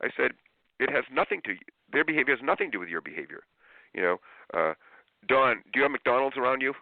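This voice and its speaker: Gravelly man on a tinny phone line. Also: mid-range voice, fast, no echo. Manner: animated, acts out parents and kids in raised voices. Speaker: guest, parenting trainer. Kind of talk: lively interview storytelling.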